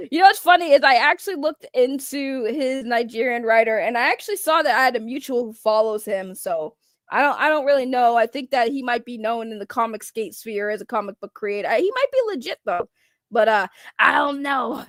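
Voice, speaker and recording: Joking woman streamer, slightly gravelly. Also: a little high, expressive, a bit bright, no echo. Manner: loose, joking, quick to laugh. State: sore throat. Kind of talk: casual reaction stream chat.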